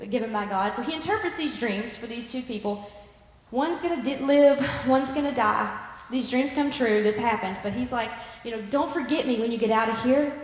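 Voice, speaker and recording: A woman preaching a sermon and retelling a story with lively acted-out voices. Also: on the high side. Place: church sanctuary. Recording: echoey church hall.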